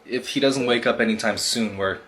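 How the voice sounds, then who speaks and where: A man acting as an apologetic, halting hospital doctor in a comedy skit. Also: mid-range voice, noisy background, close to an everyday voice. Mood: grave.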